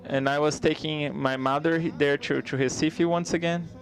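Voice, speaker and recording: A man giving a live spoken interpretation of a stand-up comedy set, conversational and halting, with frequent restarts. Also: fairly high pitch, fairly even intonation.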